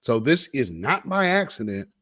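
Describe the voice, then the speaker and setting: A man's voice: mid-range voice, big pitch swings, moderate pace, a bit bright. A man hosting a commentary show, reacting to video clips in an emphatic, preachy way and drawing out the words he stresses. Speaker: commentary host.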